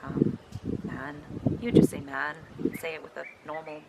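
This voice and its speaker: A woman's voice: low-pitched, fast talker, creaky, very noisy. A South African woman in her twenties, a linguistics student explaining accents in a reaction video, hesitant with frequent ums. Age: 20s.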